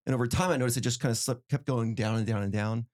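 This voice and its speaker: A middle-aged man co-hosting a podcast, telling stories in an animated way and repeating phrases for emphasis. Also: medium pitch, fast. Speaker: podcast co-host. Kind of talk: casual podcast chat.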